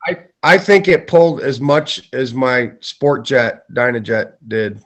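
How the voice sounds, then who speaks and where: A man's voice: medium pitch, expressive, a little slow, a bit bright. Laid-back man on a group video call. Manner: laid-back, swears casually. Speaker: contest pilot. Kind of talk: casual group video chat.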